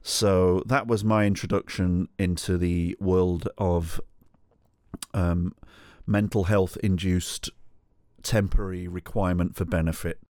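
A man's voice: steady tone, measured pace, a little mellow, dry recording, studio quality. A middle-aged man telling a self-mocking comic story on his own podcast, swearing freely. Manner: self-mocking, sweary, acts out quotes in a high pleading voice. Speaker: podcast host. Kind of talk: solo comedic storytelling.

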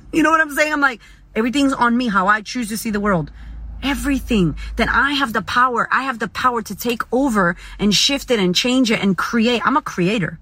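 A woman's voice: a little high, brisk, fairly bright tone, slightly rough. A woman giving a blunt, profane motivational monologue from her car. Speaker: motivational speaker.

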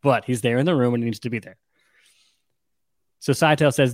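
A young man co-hosting a casual chat, retelling a story with lively, acted-out quotes. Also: mid-range voice, fairly quick, dry recording, clean studio sound. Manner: animated, acts out quotes with shifts in voice. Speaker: podcast co-host recapping a novel.

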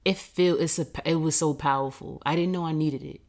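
A woman with a low voice, talking as a guest on a casual podcast. She speaks in a heartfelt, emotional way and often drops to a hushed voice. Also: fairly even intonation, fairly quick.

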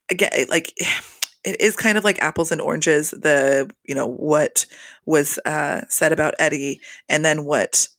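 A gravelly-voiced man dishes on a reality TV episode in a loose, gossipy recap, cursing freely and laughing along. He slips into exaggerated voices for the cast's lines. The sound is dry and close, with no room around it. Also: a little high, fairly bright tone, no echo. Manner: gossipy, heavily profane, laughs often.

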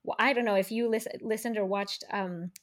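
A woman's voice: mid-range voice, fairly even intonation, brisk. A woman hosting a podcast in casual chat, thinking aloud and often restarting her sentences. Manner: thoughtful, with frequent restarts. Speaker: podcast host.

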